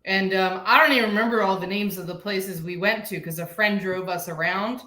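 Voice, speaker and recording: A woman who is a guest in a casual chat, telling travel stories in an animated, laughing way. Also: mid-range voice, a little fast. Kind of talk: casual storytelling. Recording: echoey room with faint noise.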